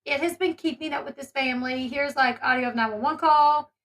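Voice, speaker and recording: A woman with a high, bright voice talks through a commentary video. Her delivery rambles and turns emphatic and indignant, full of asides to her viewers. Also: a little fast, slight background noise. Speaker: commentary channel host; mother. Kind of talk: casual commentary.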